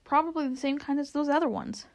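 A woman's voice: high voice, fast talker, pitched above the performer's own voice. A woman reading a storybook aloud, voicing an indignant, stubborn male bulldog who talks huffily.

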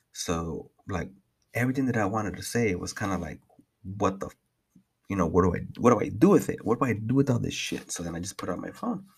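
A young man with a deep, husky voice talks casually in a solo podcast update. He rambles, swears a lot and restarts his sentences often. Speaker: podcast host.

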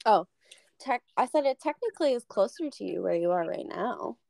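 A young woman with a gravelly, creaky voice co-hosts a chatty podcast over a remote call. Her sound is dry and close, with no room around it. She talks in an animated way and swears freely. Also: on the high side, moderate pace, no echo. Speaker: podcast co-host. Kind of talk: casual chat.

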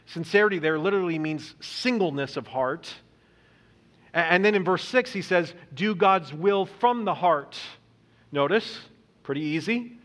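High-voiced pastor preaching in a hall. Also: male voice, a bit bright. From Indonesia. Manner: earnest preaching with repeated words and slowed emphasis on quotes. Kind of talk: sermon. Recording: dull lo-fi recording in a reverberant hall.

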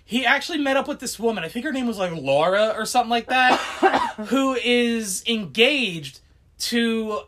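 Woman, podcast co-host, high voice, bright, animated, rambling casual chat, lots of fillers. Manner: rambling, full of fillers and laughter.

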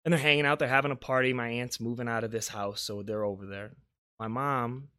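A man from South Carolina hosts a spooky storytelling podcast in relaxed, chatty talk. His voice sits at an average pitch. He tells the story with lots of energy and drops to a hush at the tense moments. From Beaufort, South Carolina. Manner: animated, swings loud and soft while telling a story. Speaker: podcast host. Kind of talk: casual storytelling chat.

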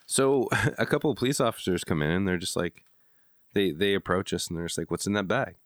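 A man in casual podcast chat, speaking in a lowish voice with a relaxed, dry delivery. The recording is close and dry. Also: fairly quick, no room sound. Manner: laid-back, dry interjections. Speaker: podcast co-host.

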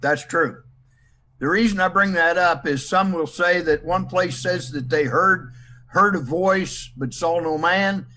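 A man's voice: high voice, unhurried, bright, forceful tone. A man moderating a Bible study panel discussion, posing numbered questions and stressing words as he quotes.

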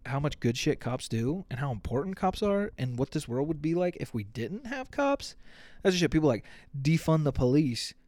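A man's voice: mid-range voice, darkish tone, no room sound. A man hosting a podcast, ranting in a casual, comedic and profane way and acting out quotes. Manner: profane, rambling, acts out quotes. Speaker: podcast host.

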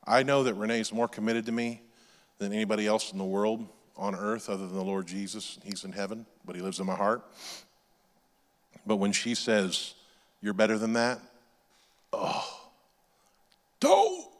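A man's voice: on the low side, steady tone, moderate pace, in a large hall. A male pastor preaching a sermon in a conversational way, with off-the-cuff asides and restarts.

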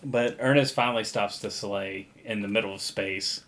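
A man co-hosting a podcast, recapping a film plot in casual chat, profane and quick to act out lines. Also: lowish voice, steady tone, fairly bright tone. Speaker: podcast co-host.

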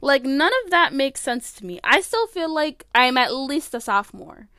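A woman's voice: high-pitched, big pitch swings, normal speed, pushed and bright, no room sound, studio quality. A woman in her late teens hosting her own podcast from her bedroom, chatting casually in a rambling way full of "like" and "um", often stopping herself mid-sentence. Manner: rambling, filler-heavy, self-interrupting. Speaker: podcast host. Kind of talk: casual solo podcast chat. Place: bedroom at home. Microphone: phone.

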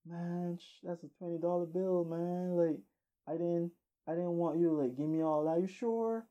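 A woman plays a polite male street robber who talks in a hesitant, humble way, apologizing. The voice is low and mellow, on a slightly muffled recording. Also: quick pace, close to an everyday voice.

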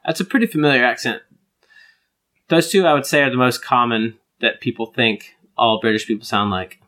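A young man, co-hosting a casual chat, relaxed, laughing easily and saying "like" a lot. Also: medium pitch, fairly quick. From United States. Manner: relaxed, laughs often, lots of "like" fillers. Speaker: podcast co-host.

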